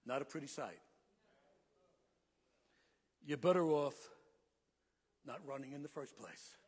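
A man preaching a sermon to his congregation in earnest tones, slowing down to stress his points. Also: medium pitch, darkish tone, husky, in a large hall. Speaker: pastor.

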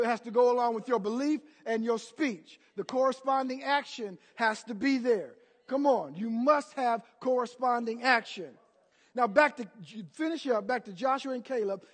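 A man's voice: very high-pitched, moderate pace, a bit bright, big-room sound. A man preaching a sermon as pastor, emphatic and calling out to the congregation for answers. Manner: emphatic, call-and-response preaching.

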